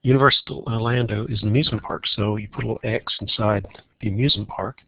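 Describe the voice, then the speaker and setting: A man teaching a recorded math lesson on logic problems, walking through each problem in a relaxed way and thinking aloud. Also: on the low side, quick pace, creaky, breathy edge, no room sound, muffled recording.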